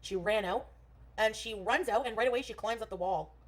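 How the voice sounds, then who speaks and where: A woman livestreaming from her phone while riding a scooter outdoors, rambling in casual chat and talking loudly over traffic. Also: a little high, brisk.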